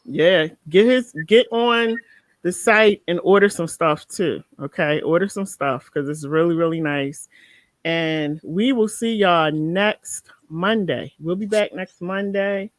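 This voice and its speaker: A woman hosting a casual live talk show, chatting and telling animated stories. She sounds tired near the end of the night. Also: on the low side, slow pace, dry recording. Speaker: show host.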